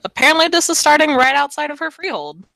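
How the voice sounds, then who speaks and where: A woman's voice: high voice, animated, fast talker, vocal fry, bright, forceful tone, no room sound. A woman narrating as game master in a laid-back, slangy way, swearing freely. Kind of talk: casual tabletop game narration.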